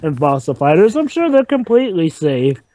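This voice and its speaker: Chatty man, fairly high voice. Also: big pitch swings, moderate pace, mellow. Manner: chatty, jokey, repeats himself. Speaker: commentary co-host. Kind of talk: casual group movie commentary.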